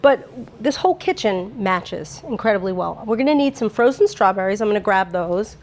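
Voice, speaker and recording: A woman's voice: medium pitch, expressive, brisk, a little mellow, slight background noise. A woman presenting a sponsored cooking demo in a home kitchen, talking in a chatty, bubbly way with lots of fillers. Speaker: brand presenter.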